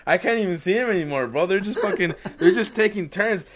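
A man's voice: high-pitched, lively intonation, fairly quick, fairly bright tone. A young man, co-hosting a casual podcast, rambling and swearing constantly, often laughing and acting out quotes. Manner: profane, rambling, laughs a lot, acts out quotes. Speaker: podcast co-host.

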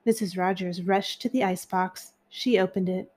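A woman hosting a children's story podcast, reading aloud in a gentle, expressive way. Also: mid-range voice, moderate pace.

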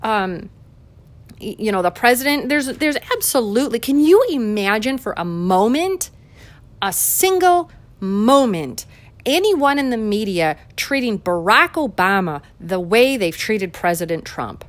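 A woman's voice: fairly high pitch, animated, unhurried. A woman giving a heated political commentary monologue, fiery, combative and sarcastic.

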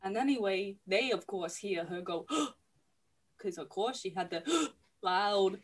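A woman casually recapping a film for a podcast, sweary and laughing, slipping into quick character voices. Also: medium pitch, animated, slight background noise.

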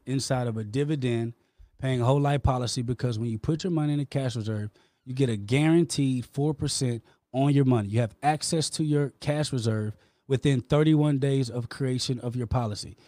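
A man's voice: mid-range voice, mellow, no echo. A man hosting a podcast, debating insurance with passion and insisting on his point. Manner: passionate, insistent, explaining rapidly. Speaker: podcast host, insurance promoter. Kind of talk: heated debate.

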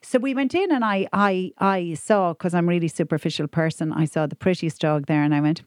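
A woman's voice: lowish voice, brisk, darkish tone, clean tone, no room sound, clean studio sound. An Irish woman co-hosting a comedy podcast, chatting casually and telling stories with playful exaggeration. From Ireland.

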